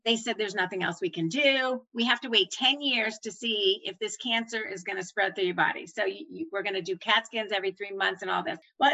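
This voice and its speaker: A middle-aged woman tells her own story. Her voice is bright and clear, and she acts out every doctor and nurse in it, her pitch leaping up and dropping low as she plays each part. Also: dull audio. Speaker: former nurse manager telling her story. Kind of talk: personal storytelling.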